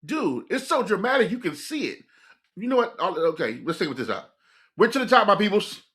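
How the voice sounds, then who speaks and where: Young male reaction host, high-pitched, loose and rambling, keeps saying "like". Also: fairly quick. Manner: excitable, rambling, fills speech with "like". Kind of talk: casual reaction commentary.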